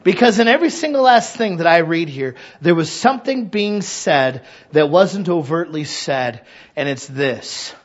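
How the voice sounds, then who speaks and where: A man preaching a sermon as pastor in a church, candid and self-deprecating, swinging from quiet confiding to loud impassioned preaching. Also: on the high side, lively intonation, unhurried, lo-fi sound. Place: church sanctuary.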